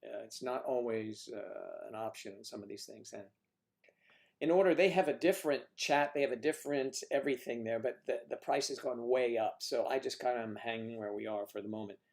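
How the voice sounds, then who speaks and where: Gravelly yet a little mellow, this medium-pitched male voice moves a little fast. The speaker is a northern American livestream host who chats and jokes casually while reading viewer comments aloud.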